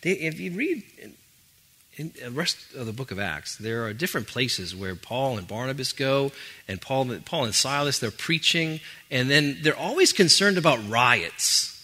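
Pastor guy preaching, super bright sharp tone, chatty and animated. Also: mid-range voice, moderate pace. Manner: conversational, animated asides. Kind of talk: sermon.

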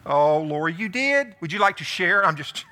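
A male pastor giving a lively sermon, asking the congregation questions and calling on people by name. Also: on the high side, moderate pace, slight background noise. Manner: animated, calls on listeners by name, asks the room questions.

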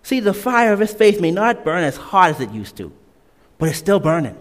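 A man's voice: high voice, big pitch swings, moderate pace. A man preaching a sermon in an emphatic way. He repeats key lines and drops in casual asides. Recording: long reverb of a large hall.

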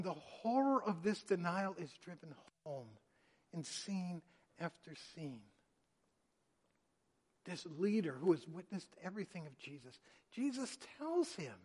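Male pastor, fairly high-pitched, dramatic sermon delivery in an echoing hall. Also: sing-song, a little slow, slightly rough. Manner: dramatic, acting out quotes with sharp swings in loudness. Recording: long hall reverb.

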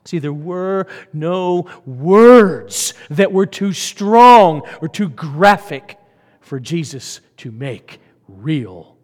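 A man's voice: fairly high pitch, lively intonation, very slow. Dramatic preacher man in a big reverberant hall. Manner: dramatic swings from loud emphasis to hushed whispers. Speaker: pastor. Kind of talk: sermon.

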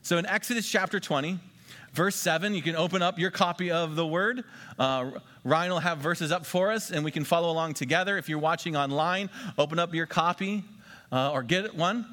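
Emphatic pastor in a reverberant hall. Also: male voice, on the high side, bright, forceful tone. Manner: emphatic, repeats key phrases slowly for the congregation. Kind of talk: sermon.

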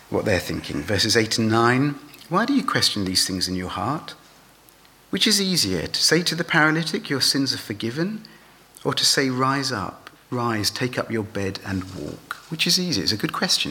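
A man's voice: mid-range voice, pushed and bright. A man preaching a sermon, asking his listeners rhetorical questions.

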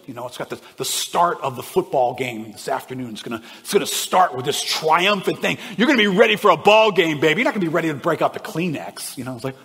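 Male pastor, animated sermon delivery, fairly high voice, reverberant sanctuary. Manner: animated, swings between loud bursts and hushed asides.

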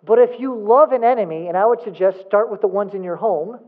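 A man's voice: sits high, a little fast. A man preaching a sermon as a pastor, emphatic, asking rhetorical questions and repeating points for emphasis. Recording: phone-like thin sound.

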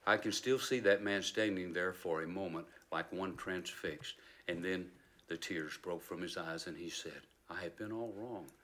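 Deep, reflective man as narrator telling a memoir story at a measured pace. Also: bright, forceful tone. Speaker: narrator recalling a childhood story. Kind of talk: dramatic reading of a memoir.

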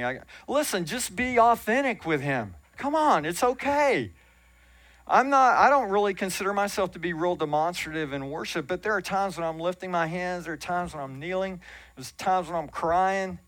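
A pastor delivers a sermon in a church, his voice pitched a little high for a man. He talks in an earnest, conversational way and drops in self-deprecating asides. The sound is close and dry. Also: animated, moderate pace, fairly bright tone, no room sound. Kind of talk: sermon teaching. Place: church sanctuary.

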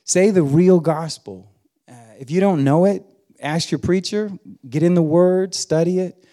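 A man's voice: sits high, a little slow, mellow. A middle-aged man preaching a sermon in a church as a guest preacher, folksy and humorous, rising to emphatic exhortation. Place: church sanctuary.

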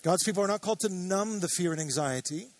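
A pastor delivers his sermon in a high, light male voice. He speaks earnestly and builds toward emphatic, insistent declarations. The sound is dry and close, with little room around it. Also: fast talker, no room sound.

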